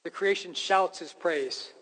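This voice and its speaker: A man delivers a sermon from the pulpit, emphatic and earnest, slipping in wry jokes at his own expense. His voice sits fairly high for a man. The sound rings with the long reverb of a church sanctuary. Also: unhurried, fairly bright tone. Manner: emphatic preaching with self-deprecating jokes. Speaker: pastor.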